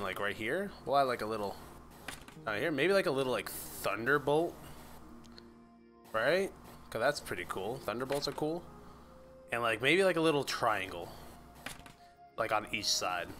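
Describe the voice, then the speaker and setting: Lively, bright-voiced young gaming guy. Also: medium pitch. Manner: rambling, swears, yelps when startled. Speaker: gaming YouTuber. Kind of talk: casual let's-play commentary.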